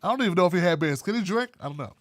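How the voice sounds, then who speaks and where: Male political commentator, fairly high voice, blunt and animated, dry close sound. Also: racing, no room sound. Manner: blunt, animated, wry asides. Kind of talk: casual solo commentary.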